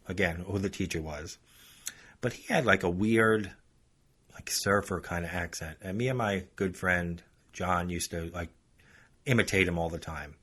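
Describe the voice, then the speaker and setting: Low-voiced guy hosting a podcast, chatty, yarn-spinning, calls everyone folks. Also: bright, forceful tone, husky. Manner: chatty, addresses listeners as folks. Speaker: podcast host. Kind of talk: casual storytelling.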